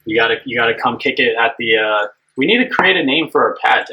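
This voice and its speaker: A man's voice: mid-range voice, lively intonation, fast talker, bright, forceful tone, lo-fi sound. A young man hosting a live cooking stream, chatting casually and upbeat with his viewers, rambling with plenty of fillers.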